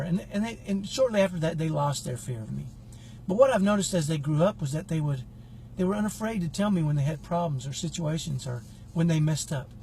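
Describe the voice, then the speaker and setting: Middle-aged man, earnest and reflective, casual talk to camera, slightly high pitch, faint background noise. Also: vocal fry, a little mellow. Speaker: parenting coach.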